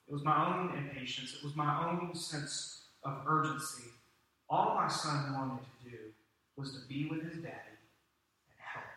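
A man's voice: fairly high pitch, bright, forceful tone. A man preaching a sermon to his congregation in a church, talking conversationally and asking his listeners questions. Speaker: pastor. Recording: echoey hall from a distance.

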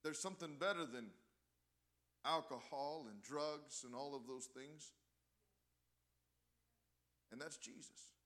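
A man preaching a sermon, impassioned, often swelling louder on key words and restarting his phrases. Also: on the high side, takes it slowly, long pauses.

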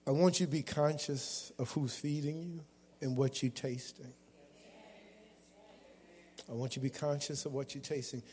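A man preaching a sermon as a guest preacher, calling out to the congregation and shouting at times. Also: mid-range voice, steady tone, normal speed, pauses often. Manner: call-and-response preaching with bursts of shouting. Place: church sanctuary. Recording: long hall reverb.

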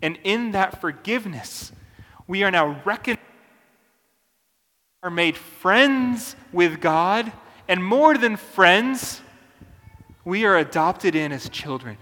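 A man preaching a sermon as a pastor, earnest and deliberate, with emphatic pauses. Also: high-pitched, expressive, pushed and bright, in a large hall.

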